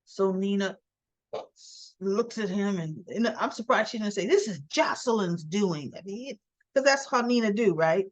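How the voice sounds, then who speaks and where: A woman's voice: medium pitch, moderate pace. Chatty woman recapping a soap. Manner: animated, colloquial, chatty. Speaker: soap opera reviewer. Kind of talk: casual recap. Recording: dull dry sound.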